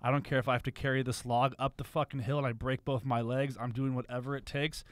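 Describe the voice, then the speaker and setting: Dude opening up on a podcast, honest and raw, swearing, dry close sound. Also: male voice, medium pitch, flat delivery, quick pace, no echo. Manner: raw, confessional, swears freely. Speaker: podcast guest. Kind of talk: candid podcast conversation.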